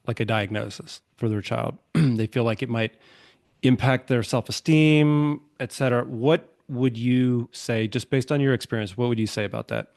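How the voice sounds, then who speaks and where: A man hosting an interview, asking questions in a measured, encouraging way. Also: medium pitch, vocal fry, a little mellow. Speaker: host.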